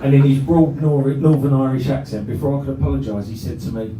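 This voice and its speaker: A man's voice: medium pitch, fairly even intonation, fast talker, mellow, far from the mic, slight background noise. A man telling a sweary comic story on a club stage and laughing through it. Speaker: comedy band frontman. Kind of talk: live stand-up storytelling. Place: club stage with a live crowd. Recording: roomy live club recording from the crowd.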